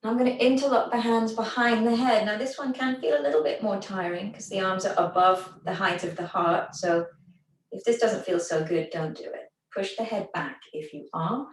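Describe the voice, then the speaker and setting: A woman instructor calmly guiding a gentle recovery exercise class with step-by-step stretches and breathing. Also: mid-range voice, normal speed. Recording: echoey room, voice from far off.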